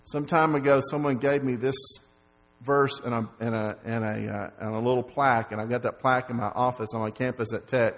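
A man's voice: medium pitch, fairly even intonation, brisk. A man preaching a sermon, stumbling over repeated words and fillers, then rising to stress key lines. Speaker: pastor. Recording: long reverb of a large hall.

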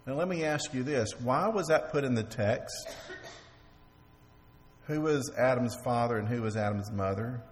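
A man preaching a sermon as pastor, halting and repeating words while he asks the congregation questions. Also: mid-range voice. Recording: long reverb of a large hall.

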